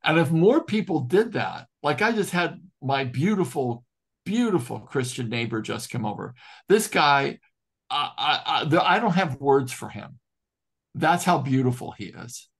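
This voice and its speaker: A man's voice: mid-range voice, very animated, unhurried, husky. A man in a casual spiritual group discussion over a video call, talking in an earnest, heartfelt and reflective way. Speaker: study group participant.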